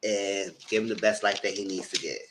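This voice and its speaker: Bright-voiced man doing chatty TV recaps. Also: a little fast, slight background noise. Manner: chatty, animated, mock-quotes people in a high voice. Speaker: TV recap host. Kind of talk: casual TV recap commentary.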